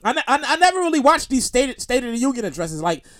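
High, lively man ranting on his show. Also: fast talker. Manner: rambling, repetitive, animated outbursts. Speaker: podcast host. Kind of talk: comedic solo monologue.

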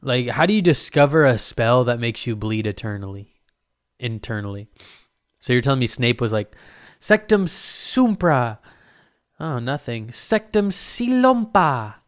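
A man's voice: mid-range voice, normal speed, clear, resonant tone, no echo, clean studio sound. A man, hosting a podcast alone in a casual, profane, rambling and jokey way. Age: 20s. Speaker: podcast host. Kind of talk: casual solo podcast rant.

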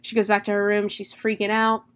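A young woman casually recapping a horror film, chatty and animated, swearing freely. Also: medium pitch, fairly quick. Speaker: movie reviewer.

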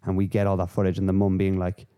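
Guy ranting on his podcast, swears a lot, low and super mellow voice. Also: quick pace, clear, resonant tone. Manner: rambling, sweary, animated rants. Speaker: podcast host. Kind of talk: casual chat.

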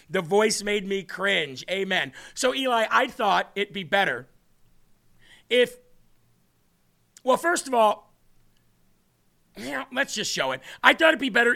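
A man's voice: high voice, vocal fry, sharp tone. A man hosting a live political commentary stream, combative and scornful, talking to his co-host.

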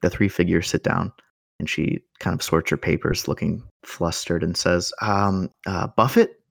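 A man's voice: low voice, level tone, moderate pace, gravelly, breathy edge, no room sound. A man hosting and narrating a tabletop game as game master in an easygoing, descriptive way.

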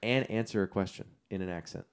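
A man's voice: low-pitched, fast, clear, resonant tone. A young man co-hosting a podcast in easygoing casual chat, leading a card game and talking reflectively. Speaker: podcast co-host.

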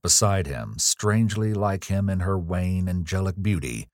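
A man narrating a gothic ghost story in a measured, grave reading. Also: deep voice, lively intonation, dry recording, clean studio sound.

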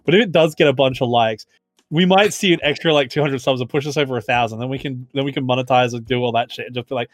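A man's voice: medium pitch, quick pace, no room sound, faint music behind. A young man co-hosting a casual podcast, joking and laughing a lot as he chats. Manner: laughing, joking, puts on regional voices. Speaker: podcast co-host. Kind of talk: casual chat.

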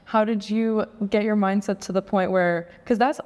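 A woman hosting a casual interview podcast, enthusiastic and gushing, quick to affirm her guest. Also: mid-range voice, fairly even intonation, a little mellow, big-room sound. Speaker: podcast host.

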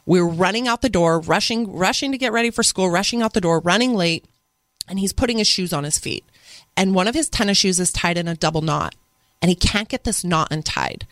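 A woman's voice: on the low side, fairly quick, dry recording. Woman telling a parenting story. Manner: earnest, animated retelling of family moments. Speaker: guest, single mother. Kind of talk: personal storytelling in a podcast interview.

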